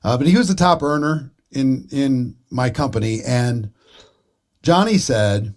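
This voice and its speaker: A middle-aged man with an everyday mid-range voice delivers a daily business pep talk. He tells stories in a chatty, conversational way, and his voice climbs and gets louder when he makes a point. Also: mid-range voice, expressive, measured pace. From Minnesota, USA. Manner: storytelling, conversational, with rising emphasis and sound effects. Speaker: network marketing trainer.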